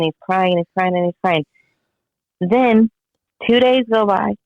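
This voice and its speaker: A man telling a story in a casual chat, animated and profane, acting out what everyone said. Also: high-pitched, moderate pace, no echo, highs cut off. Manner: animated, profane, dramatic retelling with quoted voices. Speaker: guest friend telling a story.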